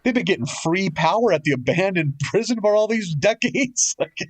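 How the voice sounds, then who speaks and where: A man's voice: sits high, lively intonation, moderate pace, dry recording. A man co-hosting a casual podcast from his basement, recapping in a wry, pessimistic way. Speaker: podcast co-host. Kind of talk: casual chat.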